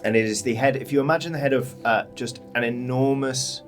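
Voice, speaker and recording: A man's voice: medium pitch, a little fast, faint music behind. A British man narrating as dungeon master, describing scenes and making sound effects. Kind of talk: narrating a tabletop game.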